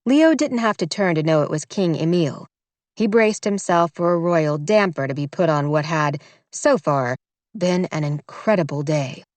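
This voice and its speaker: A woman narrating a romance audiobook in a measured, wry storytelling manner. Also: deep voice, animated, a little mellow, no room sound.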